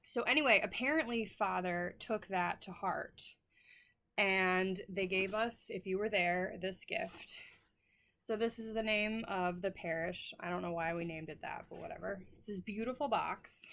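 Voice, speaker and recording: A woman's voice: medium pitch, a little slow, creaky, a bit bright. A middle-aged woman chatting to camera as a vlog host, rambling, apologizing and laughing often, emotional and close to tears. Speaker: flosstube host. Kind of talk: casual chat to camera.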